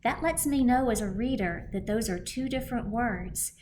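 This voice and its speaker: A woman teaching a kindergarten phonics lesson, sounding out letters clearly and deliberately for young children. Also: a little high, a little mellow, slight background noise.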